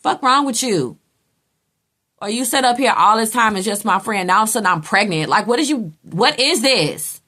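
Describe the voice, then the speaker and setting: A woman's voice: fairly high pitch, lively intonation, moderate pace, sharp tone. A woman giving a casual tarot reading, blunt and chatty, who swears freely and acts out what other people say. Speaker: tarot reader.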